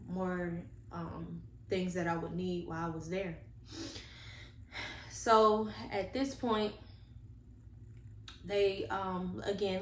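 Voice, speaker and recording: A woman tells a personal story to her viewers, earnest and animated as she talks to them directly. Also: on the low side. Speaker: vlogger telling a personal story. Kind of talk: casual storytime monologue. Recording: echoey room with faint background noise.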